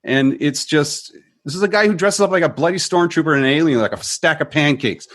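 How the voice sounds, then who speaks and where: A man on a podcast panel, giving emphatic, animated opinions in casual chat. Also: on the high side, brisk, dry recording, clean studio sound. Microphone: headphones with mic.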